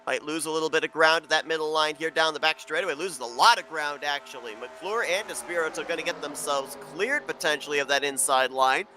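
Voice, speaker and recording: A man giving play-by-play commentary on an online sim race, steady and informative, building excitement as the racing gets close. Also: on the high side, fairly quick, few pauses, faint music behind.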